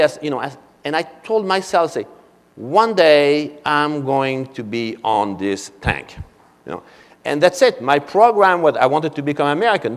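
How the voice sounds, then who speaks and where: Older French-accented man telling a story. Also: a little high. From France. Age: 70s. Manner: anecdotal, frequent "you know" asides. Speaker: keynote speaker. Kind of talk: conference keynote storytelling. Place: convention hall. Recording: long reverb of a large hall.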